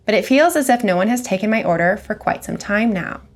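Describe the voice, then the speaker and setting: A woman's voice: medium pitch, expressive, fairly quick, natural voice. A woman reading a mild, polite stranger man. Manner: courteous and mild.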